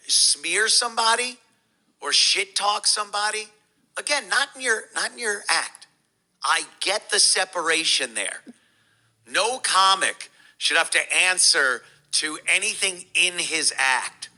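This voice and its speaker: A man's voice: sits high, expressive, unhurried, sharp tone, poor audio. A man giving a heated, profane, mocking reaction commentary.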